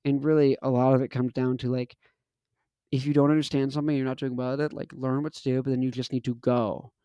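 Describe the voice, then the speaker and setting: A man's voice: medium pitch, flat delivery, quick pace, mellow, clear, resonant tone, dry recording. A man in his twenties, hosting a casual monologue, talking in an emphatic, repetitive, punchy way. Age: 20s. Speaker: host.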